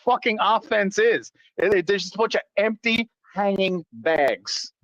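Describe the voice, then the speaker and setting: A man's voice: high-pitched, lively intonation, unhurried, fairly bright tone, no room sound, muffled recording. A man co-hosting a sports stream, ranting crudely and swearing about his team. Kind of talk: casual sports chat.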